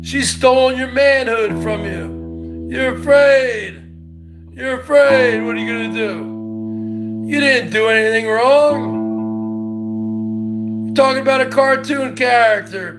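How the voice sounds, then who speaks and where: A man doing a comic impression of a brash loudmouth who taunts a rival over and over in shouty bursts. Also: very high voice, measured pace, pauses often, over music. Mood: taunting. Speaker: parody comedian. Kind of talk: comedic impression rant.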